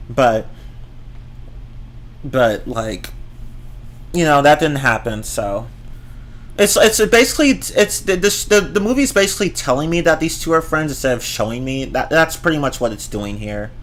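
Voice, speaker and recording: A man's voice: mid-range voice, a bit bright. Guy ranting about movies, fed up, cussing, tripping over his words a bit. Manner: exasperated, profane, repeats and restarts words. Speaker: movie reviewer.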